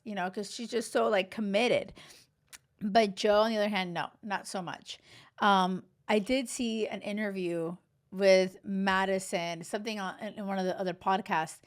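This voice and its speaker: A woman in her thirties hosting a dating advice podcast, giving frank, casual commentary full of "like" and "you know". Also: medium pitch. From Cuban heritage. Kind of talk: casual reality-show commentary.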